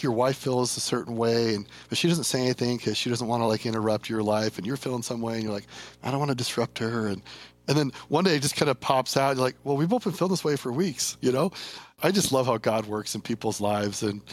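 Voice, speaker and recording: A man hosting a conversation, musing casually about faith with frequent fillers. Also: medium pitch. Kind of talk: casual faith-based chat.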